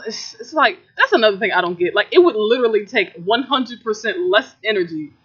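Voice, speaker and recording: A man's voice: high voice, fairly quick, slightly rough. A young man co-hosting a podcast, telling a workplace story in casual, profane chat and mimicking the people in it. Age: young adult. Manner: profane, animated storytelling with mocking quoted voices. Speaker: podcast co-host. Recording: dull lo-fi recording.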